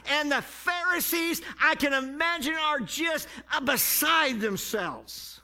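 A man preaching a sermon, stretching key phrases and building up to shouted passages. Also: very high-pitched. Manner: drawn-out emphatic phrasing.

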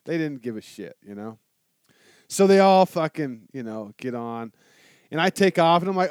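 A man telling a motorcycle story in casual chat, animated and swearing a lot. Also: fairly high pitch, normal speed, smooth, dry recording, studio quality. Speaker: guest telling a travel story.

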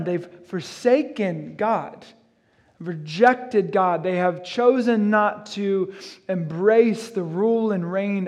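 A man with a fairly high voice preaches a sermon through a passage of scripture. He talks to the congregation in a relaxed, conversational way, dropping offhand asides between the verses he reads. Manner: casual, conversational asides mixed with reading scripture. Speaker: pastor. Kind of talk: expository sermon.

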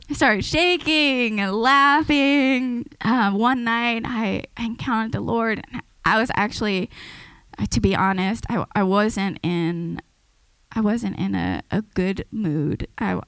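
A woman preaches in a relaxed, testimony-style sermon, earnest and chatty, with frequent restarts and light laughs. Her voice sits somewhat high, and the recording is close and dry with no room sound. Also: no echo, poor audio. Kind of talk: informal sermon.

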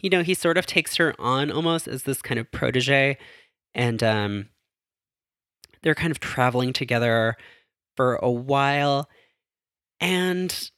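A man's voice: medium pitch, fairly bright tone, dry recording, studio quality. Chatty man rambling with fillers. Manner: chatty and self-correcting. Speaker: podcast host. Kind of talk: casual solo podcast recap.

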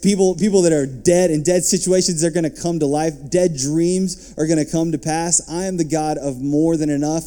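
Male pastor, mellow timbre, animated sermon delivery. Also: a little high. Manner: animated preaching, rising and dropping to soft asides.

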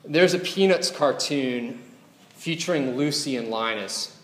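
A man preaching in an easy, conversational way, with his voice at a middling pitch. He keeps checking in with the congregation through rhetorical questions. His words ring through a roomy hall with a long, lingering reverb. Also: animated, a little slow, fairly bright tone. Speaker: pastor. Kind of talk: sermon.

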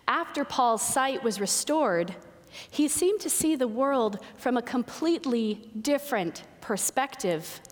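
A woman preaching a sermon in a church. She speaks in slow, deliberate phrases with emphatic pauses. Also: fairly high pitch, lively intonation, big-room sound. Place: church sanctuary. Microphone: pulpit microphone with feedback.

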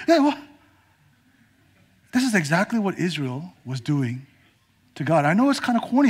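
A male preacher giving a sermon, dramatic and swinging from emphatic declarations to hushed whispers. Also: on the high side, very animated, normal speed, long pauses, breathy edge.

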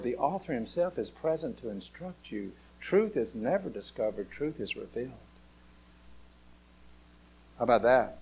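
Folksy preacher, higher voice. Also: male voice, slightly rough. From Alabama, USA. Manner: folksy, swings from soft asides to rising, emphatic calls. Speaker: pastor. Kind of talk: sermon.

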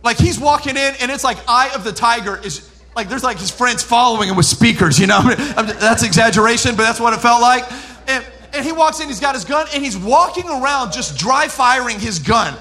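A man in his thirties preaching a sermon as pastor, animated, swinging from loud preaching to hushed storytelling. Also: very high-pitched, a little fast.

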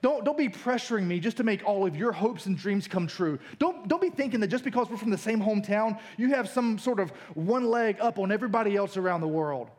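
A man voicing an earnest adult male teacher who speaks to a crowd slowly and deliberately. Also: high voice, lively intonation, a little mellow. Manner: slow, deliberate emphasis.

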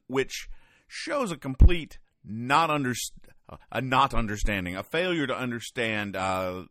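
A man's voice: mid-range voice, fairly bright tone, no room sound. A man hosting a comedy podcast, reading and explaining comic strips in a wry, rambling way, often stopping to correct himself. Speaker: podcast host.

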